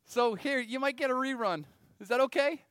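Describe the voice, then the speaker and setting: High-voiced male preacher, dry sound. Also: moderate pace, fairly bright tone, smooth, no echo. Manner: conversational preaching, rhetorical questions to the audience. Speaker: pastor. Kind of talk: sermon.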